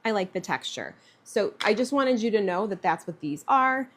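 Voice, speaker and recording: A woman's voice: medium pitch, expressive, normal speed, fairly bright tone, a little hiss or hum. A woman artist talking through a live painting demonstration in a chatty way, thinking aloud with fillers. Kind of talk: live-streamed painting demo.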